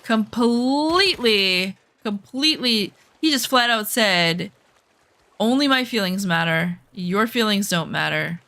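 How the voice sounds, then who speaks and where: A woman's voice: mid-range voice, animated, takes it slowly, pushed and bright. A woman streamer telling a personal story while she plays a game. She talks candidly, swears freely and reenacts her own side of past arguments. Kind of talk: casual storytelling while gaming.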